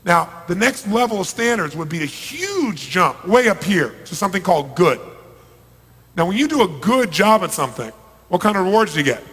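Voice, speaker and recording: Male motivational speaker, middle-aged, high voice, emphatic stage delivery, big reverberant hall. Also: sing-song, normal speed, husky. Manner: emphatic, swings from hushed to shouting. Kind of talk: live seminar talk to an audience. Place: large event hall. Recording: long reverb of a large hall.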